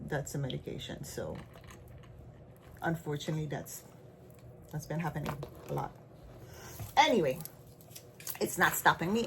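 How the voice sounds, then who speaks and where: A woman's voice: deep voice, slight background noise. A woman with a Caribbean accent chatting casually as she shows her stitching projects, rambling and trailing into asides. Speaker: stitching vlogger. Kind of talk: casual show-and-tell chat.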